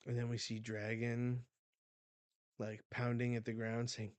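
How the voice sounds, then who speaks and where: A man hosting a casual manga reaction, excitable and a little foul-mouthed as he narrates the panels. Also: mid-range voice, a little slow, long pauses, no room sound. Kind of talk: casual live reading reaction.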